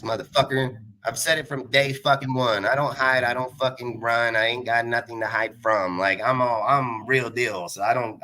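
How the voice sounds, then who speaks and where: A man's voice: medium pitch, bright, forceful tone. Fiery, profane man in his forties. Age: 40s. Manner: combative, swearing, blunt, boastful; rapid bursts of speech. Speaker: live show host. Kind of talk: profane angry rant on a livestream.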